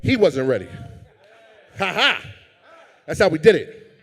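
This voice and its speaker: A man's voice: on the high side, sing-song, unhurried, fairly bright tone, husky, in a large hall, soft background music. A man performing live as a rapper, joking loosely and profanely with the crowd between verses. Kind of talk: live stage banter between rap verses. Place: live event stage. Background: hip hop beat.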